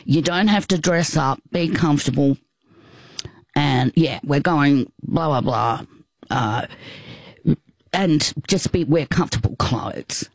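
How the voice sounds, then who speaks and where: A woman in her fifties, a guest telling a personal story in casual, halting, reflective chat. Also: deep voice, no room sound.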